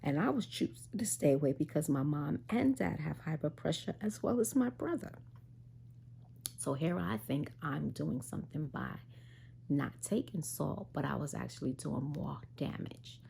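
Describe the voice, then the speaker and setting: A woman vlogger casually telling a personal story, animated, tired and unwell. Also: deep voice, normal speed, vocal fry, slight background noise. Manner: animated retelling, quoting others in dialogue.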